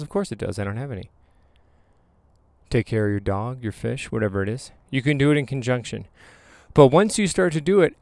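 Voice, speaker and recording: Emphatic man telling stories, smooth voice. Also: medium pitch, no room sound. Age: late 20s to 30s. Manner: emphatic, animated storytelling with dramatic pauses. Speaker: photographer and hypnotherapist. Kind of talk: motivational storytelling monologue.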